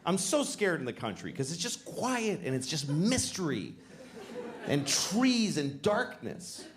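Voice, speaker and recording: A man's voice: on the high side, sing-song, measured pace. A middle-aged man doing a live stand-up routine on stage, ranting profanely and exasperated, dropping into mumbled asides. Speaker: stand-up comedian. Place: comedy stage before a live audience. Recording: reverberant live venue with audience noise.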